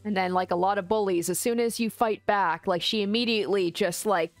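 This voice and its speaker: A woman's voice: medium pitch, fairly even intonation, brisk, hardly any pauses, faint music behind. A woman reading a visual novel aloud and reacting casually between passages, with exclamations and musing asides. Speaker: let's play host.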